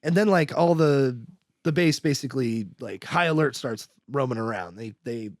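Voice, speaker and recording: A man's voice: medium pitch, normal speed, no room sound, studio quality. A man hosting a podcast, recapping a film in rambling casual chat packed with "like" and acted-out quotes. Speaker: podcast host.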